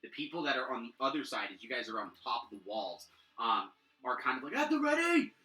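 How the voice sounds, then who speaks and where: A man's voice: mid-range voice, fast talker, bright, forceful tone, echoey room, low-quality recording. A man narrating a tabletop game as game master, rambling with many fillers and restarts.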